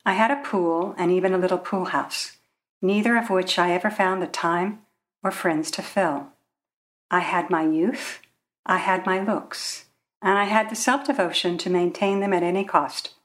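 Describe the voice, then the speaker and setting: A woman's voice: on the low side, fairly even intonation, normal speed. A woman, an author, reading from her personal memoir in a wry, reflective voice.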